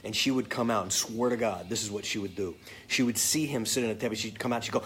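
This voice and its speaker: Bright-toned guy reading out fan questions and cracking jokes, swears a lot. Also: fairly low pitch, fast talker, few pauses, husky. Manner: joking, profane, off the cuff. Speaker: actor answering fan comments. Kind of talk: casual live chat.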